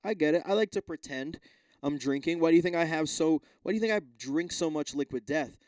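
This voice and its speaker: Profane rambling man with a mellow voice. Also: a little high, brisk, no echo, studio quality. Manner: rambling, profane, self-interrupting. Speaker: podcast host. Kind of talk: casual solo rant.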